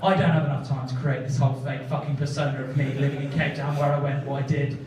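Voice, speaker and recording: A man's voice: medium pitch, flat delivery, fast talker, darkish tone, a little hiss or hum. A young man doing a stand-up set, self-deprecating and sweary as he tells a story. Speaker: stand-up comedian. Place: comedy club stage. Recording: echoey club, mic from far off, audience.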